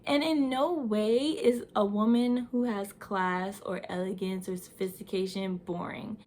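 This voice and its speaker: Instructive young woman vlogger. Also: fairly high pitch. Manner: instructive, addresses viewers as "you guys". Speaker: lifestyle vlogger. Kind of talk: advice vlog talking to camera.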